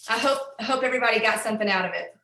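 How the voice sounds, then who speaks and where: A woman's voice: a little high, very fast, bright, forceful tone, slight background noise. Nervous, upbeat woman in an echoey room. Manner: chatty, openly nervous but upbeat. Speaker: sales team presenter. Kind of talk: demonstrating a voicemail invite.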